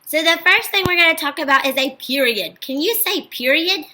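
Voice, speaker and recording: Encouraging high-voiced woman teaching young children. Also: animated, bright, forceful tone, a little hiss or hum, rough recording. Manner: slow, clear and encouraging, praising often. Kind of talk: recorded phonics lesson for young children.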